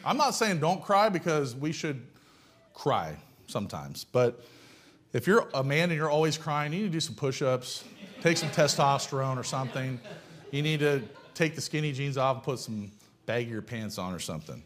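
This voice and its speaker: A man's voice: mid-range voice, lively intonation, normal speed. A man preaching a sermon in a blunt, folksy way, firing off rhetorical questions. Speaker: pastor.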